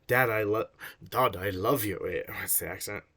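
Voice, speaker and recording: Wry low-voiced man reading aloud. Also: moderate pace, sharp tone. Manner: wry, digressive, laughs at his own jokes. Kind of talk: reading a book aloud with commentary.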